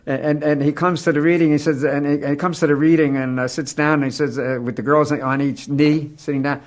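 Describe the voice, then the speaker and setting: Male interviewee, slightly higher voice; halting, stumbling storyteller. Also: level tone. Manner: halting, stumbles over words.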